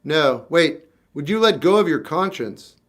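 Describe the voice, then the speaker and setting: Taking comments on a livestream, this fifty-something singer-songwriter keeps things casual, offering blunt, wry, offhand replies over background guitar. His voice is a little high and a bit bright, expressive, and slightly slow.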